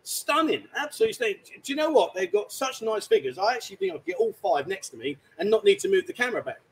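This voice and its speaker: A man's voice: high-pitched, very animated, quick pace, a little hiss or hum, poor audio. A man hosting a livestream from a bar, chatting casually, teasing and rambling. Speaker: livestream host. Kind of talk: casual banter. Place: bar, indoors.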